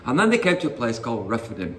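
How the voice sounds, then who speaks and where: A man's voice: mid-range voice, wildly swooping pitch, rapid-fire, a bit bright, a little hiss or hum. A man preaching an informal sermon, conversational and rambling with fillers and asides as he retells Bible stories.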